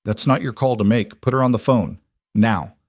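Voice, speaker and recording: A man's voice: medium pitch, normal speed, darkish tone, no room sound, studio quality, close to an everyday voice. A man playing a worried, protective single dad. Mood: urgent protective. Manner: urgent, insistent. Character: protective, anxious single father.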